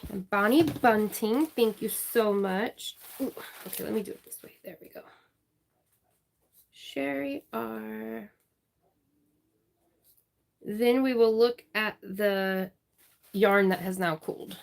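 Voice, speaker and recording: Slow-talking woman with a gravelly voice. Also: medium pitch. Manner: warm, chatty, apologetic, reading out names slowly. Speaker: crafting livestream host. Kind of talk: casual livestream chat thanking viewers.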